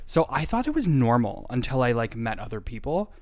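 A man co-hosting a podcast and trading crude, rambling jokes with a friend. His voice sits in a middle pitch, and his talk is loose and full of "like" fillers. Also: very animated, brisk, a little mellow, dry recording, clean studio sound. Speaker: podcast co-host. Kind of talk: casual comedic podcast chat.

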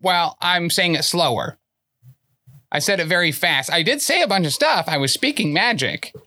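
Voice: medium pitch, animated, normal speed, sharp tone. A tabletop game player talking in character, earnest and matter-of-fact, with frequent fillers and restarts as they explain things.

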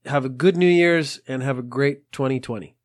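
A man's voice: medium pitch, normal speed. A man hosting a podcast in a casual monologue, dry and exasperated, rambling at length. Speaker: podcast host.

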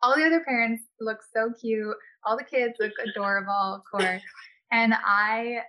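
A woman guest, a health and wellness expert, in casual chat, talking in a chatty, animated way and laughing often. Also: a little high, moderate pace.

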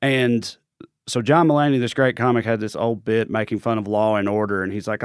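A man's voice: on the low side, fairly even intonation, brisk, clear, resonant tone, no room sound, studio quality. A man with a Tennessee Southern accent, a guest comedian chatting on a podcast, telling stories in a wry, self-deprecating way. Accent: East Tennessee Southern. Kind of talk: casual podcast chat.

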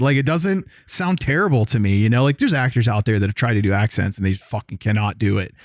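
A man from the American South, chatting casually as a co-host, rambling, excitable and full of swearing. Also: mid-range voice, quick pace, few pauses, dry recording, clean studio sound. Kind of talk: casual chat.

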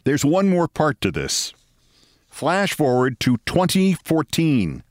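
A man's voice: fairly high pitch, wildly swooping pitch, slow, dry recording, clean studio sound. A man in his sixties hosting a show, telling a personal story in a wry monologue and acting out the voices of the people in it.

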